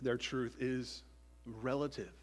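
A man preaching a sermon as pastor, emphatic, tossing in "right?" asides and swinging from loud declarations to near-quiet. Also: mid-range voice, steady tone, slow.

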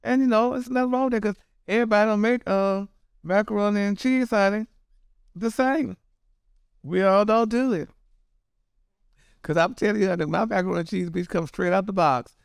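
A man's voice: sits high, steady tone, a little fast, vocal fry, long pauses, clean tone, dry recording, studio quality. A man hosting celebrity gossip in a sassy, dramatic way, calling everyone honey and girl. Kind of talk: casual gossip commentary.

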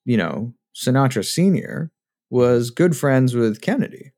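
A man's voice: mid-range voice, very animated, measured pace, a little mellow. A man co-hosting a podcast in a chatty, playful way. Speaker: podcast co-host. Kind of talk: casual chat.

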